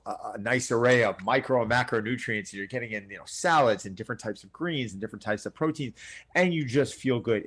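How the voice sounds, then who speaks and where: A man's voice: on the low side, fairly bright tone. A middle-aged man, a personal trainer, talking in a casual podcast interview with an earnest, coaching manner, often acting out his clients' lines. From Long Island, New York.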